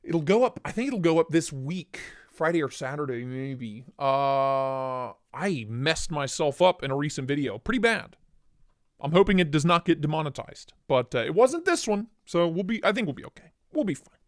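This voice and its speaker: Guy rambling and joking on a gear livestream, bit higher voice, greets chat by name. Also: big pitch swings, moderate pace. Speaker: livestream host reviewing knives and lights.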